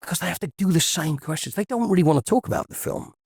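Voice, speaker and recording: A man co-hosting a podcast, chatting casually in a jokey, animated way and laughing often. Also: high voice, quick pace, husky, no echo, studio quality. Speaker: podcast co-host. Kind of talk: casual chat.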